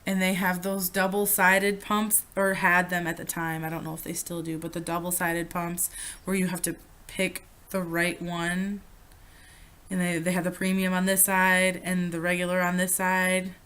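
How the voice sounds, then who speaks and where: A woman's voice: fairly low pitch, monotone, normal speed, fairly bright tone. A young woman chatting through a storytime vlog, swearing freely and losing her train of thought. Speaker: vlogger.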